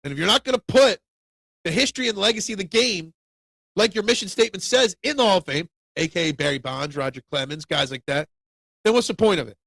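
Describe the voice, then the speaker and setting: A man's voice: high-pitched, expressive, fast talker, vocal fry, a bit bright, husky, dry recording. A man hosting a casual sports talk stream, rambling through opinions and answering viewer comments. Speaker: sports talk show host.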